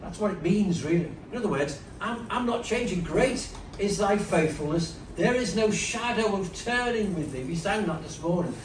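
A man's voice: high-pitched, lively intonation, normal speed, few pauses, recorded from a distance, slight background noise. Man preaching conversationally in a roomy hall. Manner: conversational, emphatic, with frequent asides. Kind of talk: sermon. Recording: roomy, from off-mic, faint ambience.

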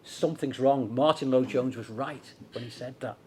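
A man's voice: mid-range voice, normal speed, a little hiss or hum. A middle-aged man from Liverpool with a Scouse accent, preaching a sermon in a conversational way with rhetorical questions. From Liverpool, England.

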